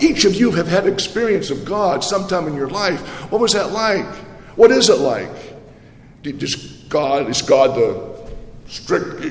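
A male pastor giving a sermon in a conversational way, with rhetorical questions and many restarts. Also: on the high side. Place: church. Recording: echoey church hall with long reverb.

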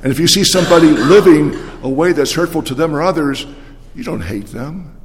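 An older man preaching a sermon, telling the story with animated energy and frequent restarts. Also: a little high, fairly quick, big-room sound.

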